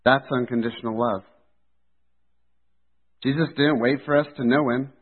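A man preaching a sermon in an earnest, steady delivery. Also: medium pitch, moderate pace, husky. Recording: tinny phone-like sound.

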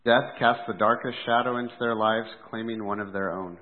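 Lower-voiced man giving a measured sermon. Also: fairly even intonation. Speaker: preacher. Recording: tinny phone-like sound with long hall reverb.

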